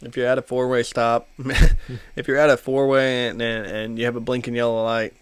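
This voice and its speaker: Mid-pitched man, podcast co-host, easygoing casual talk, trailing sentences. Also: flat delivery, brisk, clear, resonant tone, dry recording. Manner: laid-back, trails off, laughs. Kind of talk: casual chat.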